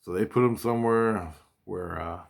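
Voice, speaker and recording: Excitable, profane man telling a story. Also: fairly low pitch, moderate pace, gravelly. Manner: excitable, profane, repeats exclamations. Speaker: personal storyteller. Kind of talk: casual rambling monologue.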